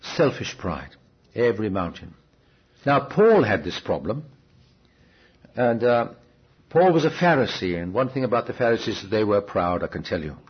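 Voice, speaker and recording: Man giving a sermon, very raspy voice, muffled old cassette sound. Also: fairly low pitch, sing-song, normal speed, long pauses. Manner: conversational storytelling, asks the listeners questions. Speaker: preacher. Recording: dull, restored cassette recording.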